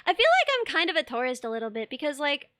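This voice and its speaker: Young woman, streamer, high voice, bubbly, rambling chat, dry close mic. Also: sing-song, fast talker, pushed and bright, no room sound. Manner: bubbly, rambling, laughs often, reads chat aloud. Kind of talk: casual chat while sculpting.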